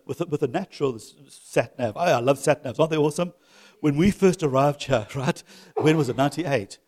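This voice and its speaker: A middle-aged pastor with a mid-range voice preaches to his church, shifting between loud exhortation and soft, chuckling asides.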